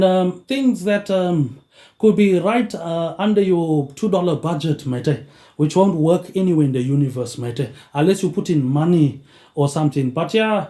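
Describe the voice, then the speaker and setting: A man's voice: fairly high pitch, dark tone, echoey room. A man hosting his own show in a rambling monologue, tagging lines with "mate, eh" in a dropping tone. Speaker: podcast host.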